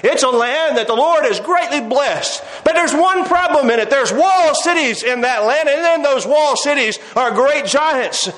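A man's voice: very high voice, expressive, normal speed, few pauses, fairly bright tone, reverberant, low-quality recording. A man preaching a sermon, quoting old-fashioned scripture and calling his listeners "my friends.". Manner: reads scripture in old-fashioned King James phrasing, addresses listeners as "my friends".

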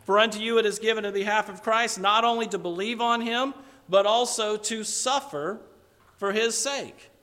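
A middle-aged man preaching a sermon, with slow emphatic stresses and repeated phrases. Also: high-pitched, bright, forceful tone. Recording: long hall reverb.

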